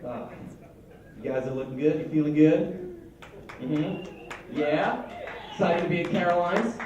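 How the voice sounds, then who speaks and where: A man's voice: on the high side, very animated, a little slow, highs cut off, a crowd in the background. A man doing a stand-up set, rambling and stammering through restarts on a club stage. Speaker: stand-up comedian. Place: comedy club stage with audience. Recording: echoey club recorded from a distance.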